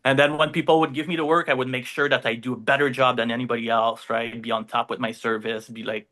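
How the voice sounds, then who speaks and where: Bright-voiced man with a French accent. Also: mid-range voice, little pitch movement, fast. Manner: rambling, many fillers and tag questions. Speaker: podcast guest. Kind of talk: casual interview storytelling.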